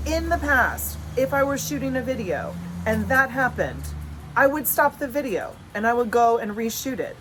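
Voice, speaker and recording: A woman's voice: a little high, big pitch swings, moderate pace, fairly bright tone, slight background noise, rough recording. A woman in her thirties talking frankly and casually to camera at home, swearing now and then. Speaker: vlogger and coach. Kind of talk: casual direct-to-camera vlog. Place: at home with dogs.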